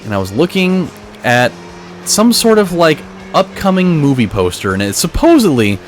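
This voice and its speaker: A let's play host with a fairly high voice and big pitch swings tells a long, rambling story about a dream during casual gameplay commentary. He talks at a normal speed, restarting often and swearing, while soft music plays in the background.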